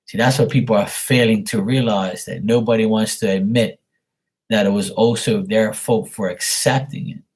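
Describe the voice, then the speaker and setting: Husky-voiced man chatting on a late-night stream. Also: lowish voice, steady tone, moderate pace, darkish tone. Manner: rambling, chatty and teasing, talks to viewers by name. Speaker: livestream host reading paid questions. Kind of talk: late-night casual livestream chat to viewers.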